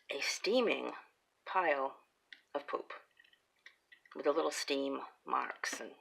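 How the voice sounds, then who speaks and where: A middle-aged woman chatting and telling family stories while crafting, laughing often and dropping into breathy whispered asides. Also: low-pitched, fairly bright tone, rough recording. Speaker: craft vlogger. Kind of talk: casual storytelling while crafting.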